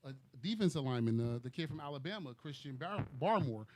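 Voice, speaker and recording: A man's voice: a little high, animated, quick pace, slight background noise. A man in casual sports chat, thinking aloud hesitantly and tagging his points with "right?". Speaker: podcast co-host.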